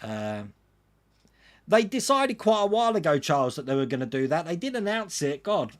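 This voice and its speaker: On a relaxed livestream, a man reads out what viewers post in the chat and answers it chattily. His voice is on the high side, very animated, at a moderate pace.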